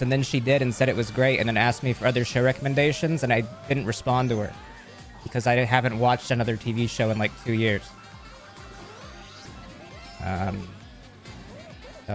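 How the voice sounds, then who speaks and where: Male streamer host, casual chat, medium pitch, jokey rambling reads of chat, faint music behind. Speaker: livestreamer.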